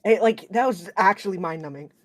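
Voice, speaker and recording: Woman, stream co-host, blunt, profane, quick talker. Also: medium pitch, no room sound. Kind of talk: casual commentary chat.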